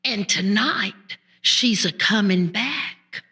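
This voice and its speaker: A woman's voice: mid-range voice, slow, pushed and bright, husky, heavily acted. A woman storyteller voicing an enchanted talking cat, a woman under a witch's spell, speaking in a hesitant country way. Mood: confiding. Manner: hesitant, plain country talk. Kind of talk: folk tale storytelling.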